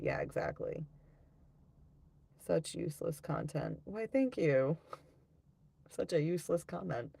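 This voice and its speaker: Low-voiced blunt woman livestreaming. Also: expressive, a little slow, vocal fry, long pauses, warm tone, breathy edge. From United States. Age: 30s. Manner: profane, blunt, laughing often, reading chat aloud. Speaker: tarot reader on a livestream. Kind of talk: casual livestream chat.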